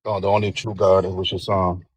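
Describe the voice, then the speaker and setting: Husky-voiced rambling male caller. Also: sits low, little pitch movement, moderate pace, no room sound. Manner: rambling, repeats phrases, recites scripture insistently. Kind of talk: call-in debate.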